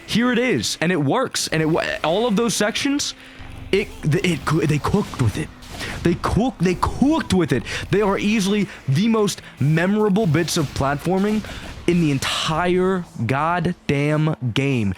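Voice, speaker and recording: A man giving casual, excitable gameplay commentary, rambling and swearing freely as he plays. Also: a little high, unhurried, slight background noise. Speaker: gaming YouTuber.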